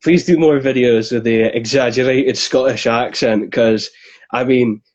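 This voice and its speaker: A man calling into a live Q&A, asking a rambling, halting question. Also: mid-range voice, steady tone, a little mellow, highs cut off. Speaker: caller. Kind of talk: casual live Q&A call.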